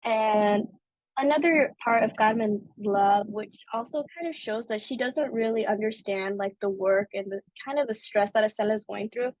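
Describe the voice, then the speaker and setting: A woman's voice: medium pitch, normal speed, darkish tone, dry recording, muffled recording. A young adult woman hosting a podcast, talking through a film in a casual, chatty way with lots of "like" and "you know". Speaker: podcast host.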